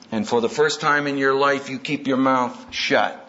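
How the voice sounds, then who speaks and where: A man's voice: medium pitch, fairly even intonation, normal speed, few pauses, bright, forceful tone. A man preaching to an audience about marriage and family, punchy and humorous, acting out everyday scenes as he goes. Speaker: speaker at a Christian conference. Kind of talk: sermon. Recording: dull lo-fi tape with faint hiss.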